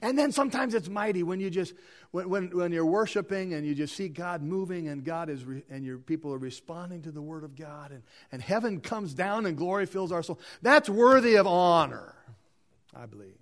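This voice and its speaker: An impassioned male pastor leading a dedication service. His voice sits a little high for a man, dropping to soft asides and rising to loud, emphatic calls. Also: a little fast. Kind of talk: sermon and responsive reading.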